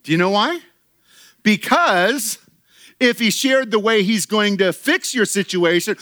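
Man preaching a sermon, kinda high voice, animated, laughs a lot, dry sound. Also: a little slow, dry recording. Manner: animated, acts out quoted voices, laughs often. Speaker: pastor.

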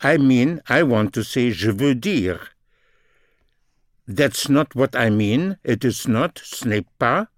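A man teaching a recorded language lesson, slowly repeating each phrase and its translation. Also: mid-range voice, animated, no room sound, studio quality. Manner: slow, deliberate, repeats phrases in two languages.

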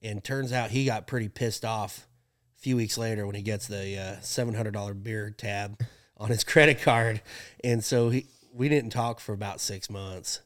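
A young man casually telling stories about his rodeo work, animated and often laughing as he acts out what people said. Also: fairly low pitch, normal speed. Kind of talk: casual storytelling chat.

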